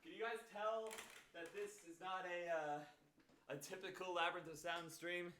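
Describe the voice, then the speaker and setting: A man chatting casually on a late-night home stream, soft-spoken and rambling, talking to his viewers while music plays. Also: high voice, fairly even intonation, measured pace, slight background noise. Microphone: headset mic.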